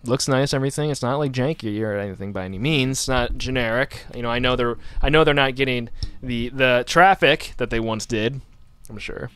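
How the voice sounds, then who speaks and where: A man hosts a laid-back radio show, rambling and joking and restarting his sentences. His voice is smooth and clear, and the sound is close and dry. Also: mid-range voice, fairly quick, fairly bright tone, no echo. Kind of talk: casual chat.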